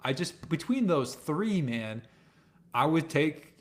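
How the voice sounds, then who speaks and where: A man as a guest on a casual sports podcast, blunt and opinionated, often trailing off quietly at the ends of his points. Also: a little high, sing-song, slow.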